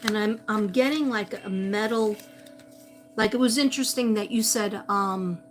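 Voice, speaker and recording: A woman's voice: medium pitch, normal speed, a little hiss or hum. A woman psychic medium doing a livestream reading, calling out to a missing person and repeating his name as she searches. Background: music.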